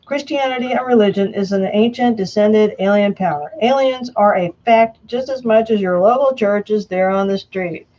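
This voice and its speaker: A woman's voice: mid-range voice, moderate pace, hardly any pauses, warm tone. Woman reading an emphatic statement, lo-fi. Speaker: self-proclaimed Antichrist answering questions. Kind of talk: reading a prepared statement aloud.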